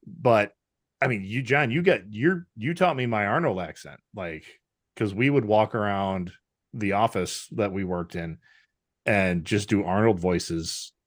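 A man in casual podcast chat, telling animated stories and slipping into character voices. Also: on the low side, measured pace, no room sound, clean studio sound. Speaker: podcast guest.

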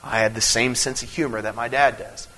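Bright-voiced man preaching a sermon. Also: mid-range voice, fairly even intonation, a little fast, low-quality recording. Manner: earnest, conversational preaching with many restarts and fillers; swings between emphatic teaching and quiet storytelling. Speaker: pastor. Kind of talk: evening sermon with personal stories.

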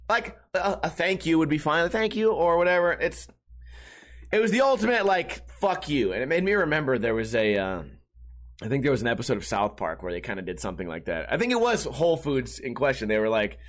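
A man's voice: high voice, normal speed. A man hosting a podcast, telling a casual story with lots of swearing and acted-out voices and sound effects. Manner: profane, animated, acts out people and sound effects. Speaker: podcast host.

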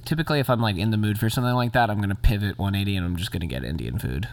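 Low-voiced rambling young man. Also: very fast, gravelly. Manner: rambling, deadpan jokes with many restarts. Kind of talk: casual chat.

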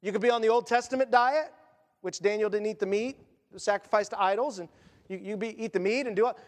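A man's voice: sits high, fast talker, big-room sound. A man preaching a sermon as pastor, in a conversational style with asides and acted quotes.

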